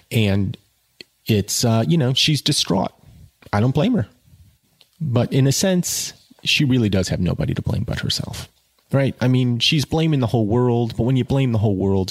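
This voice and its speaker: Gravelly man reading a novel aloud. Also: mid-range voice, lively intonation, normal speed, no echo. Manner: wry asides, conversational.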